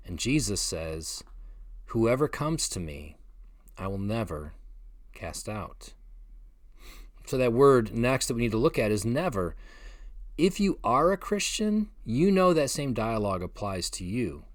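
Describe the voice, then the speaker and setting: A man preaching a short devotional message as a pastor, earnest and gentle, with emphatic pauses. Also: fairly low pitch, animated, no room sound, clean studio sound. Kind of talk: short devotional sermon video.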